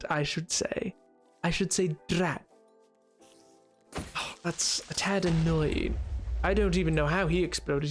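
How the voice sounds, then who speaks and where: Man doing a posh English gentleman, put-on accent, prim, fussy, higher voice, faint music behind. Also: exaggerated voice. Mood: genteel. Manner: prim, mannered phrasing, mild exclamations. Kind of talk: live game-stream commentary.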